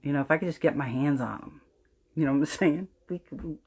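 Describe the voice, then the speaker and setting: A woman with a New Jersey accent talks quickly to her spiritual astrology livestream viewers, her voice a little mellow and slightly rough. She preaches emphatically, swears freely, and lowers her voice intently for emphasis.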